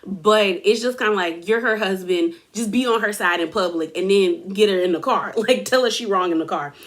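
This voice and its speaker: A woman's voice: medium pitch, moderate pace. Chatty woman doing a casual reality tv recap, lots of "like", laughs as she goes. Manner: chatty, filler-heavy, laughs while telling. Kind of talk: casual episode recap and commentary.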